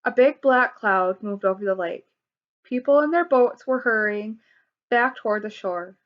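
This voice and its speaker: A woman reading a children's story aloud in a clear, expressive way. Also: a little high, a little slow. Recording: dull lo-fi recording.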